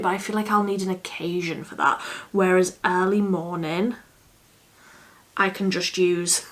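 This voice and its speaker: A young woman talks through her eye makeup at an unhurried pace, thinking aloud as she works. She often drifts into a soft murmur mid-sentence, and her pitch sits in the middle of the range. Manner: chatty, thinking aloud, drops to a soft murmur while working. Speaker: beauty vlogger. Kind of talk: casual makeup tutorial chat.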